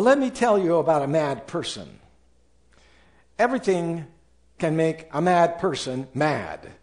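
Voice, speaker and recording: Slow, lively preaching man. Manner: emphatic preaching, acts out listeners' objections in higher voices. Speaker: pastor. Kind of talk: sermon.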